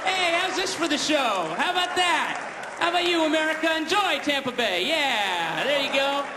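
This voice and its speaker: A man's voice: extremely high pitch, lively intonation, moderate pace, echoey room, voice pushed up. A man voicing a cocky circus elephant that taunts the crowd in gleeful showman patter. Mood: gloating. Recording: live stage with loud crowd noise.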